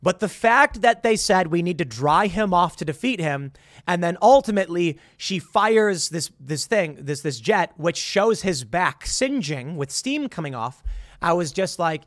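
A man's voice: high voice, expressive, unhurried, fairly bright tone, dry recording, studio quality. A man giving an opinionated, sarcastic movie commentary, talking incredulously and restarting his sentences often.

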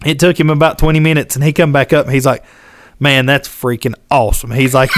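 A man telling a hunting-trip story in casual podcast chat, animated and drawling, acting out quotes and laughing along. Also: medium pitch, brisk. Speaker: podcast co-host.

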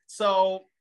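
A man's voice: sits high, pushed and bright, clear, resonant tone. A man, a pastor and interview guest, telling a personal story candidly and earnestly, acting out the quotes.

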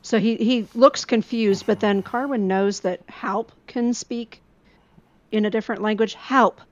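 A woman's voice: medium pitch, steady tone, unhurried, darkish tone, dry recording, lo-fi sound. A woman playing a tabletop game, explaining her moves in a chatty, rambling way. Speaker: player.

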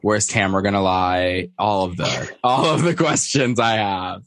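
A man's voice: normal speed, no echo. A man co-hosting a podcast, chatting casually and gossiping about a reality show, often mimicking people. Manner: gossipy, animated, mimics people in high voices. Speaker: podcast co-host.

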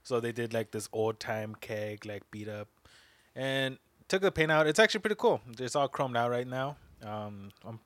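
A man's voice: medium pitch, animated, normal speed, fairly bright tone, dry recording. A man co-hosting a casual podcast, chatty and upbeat. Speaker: podcast co-host.

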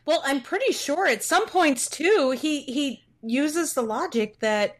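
A woman's voice: high voice, animated, slow pace. A woman co-hosting a podcast, adding blunt, critical comments in casual chat about a book. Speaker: podcast co-host.

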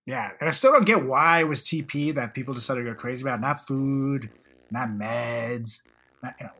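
A man's voice: mid-range voice, normal speed, bright, forceful tone, slight background noise, low-quality recording. A young man co-hosting a podcast, trading sarcastic, teasing banter and swearing freely. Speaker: podcast co-host. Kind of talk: casual joking chat.

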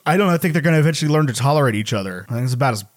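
A man's voice: medium pitch, lively intonation, very fast. A man co-hosting a casual chat, thoughtful and hedging, often trailing off mid-thought. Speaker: podcast co-host.

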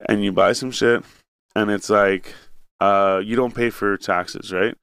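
A man's voice: on the low side, steady tone, a little slow, fairly bright tone, smooth, no room sound, clean studio sound. A young man from Canada in casual chat, telling a rambling, profane story with acted-out asides.

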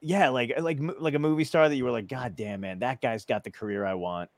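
A man's voice: mid-range voice, brisk, dry recording. Man from New Jersey, podcast host, rambling, cursing, dry close sound. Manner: rambling, swears freely, many restarts. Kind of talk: casual chat.

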